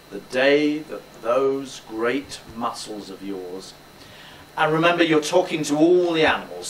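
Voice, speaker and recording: A man's voice: mid-range voice, a bit bright. A male drama teacher coaching a student through a speech, encouraging him and demonstrating lines aloud. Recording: roomy, distant mic, faint background noise.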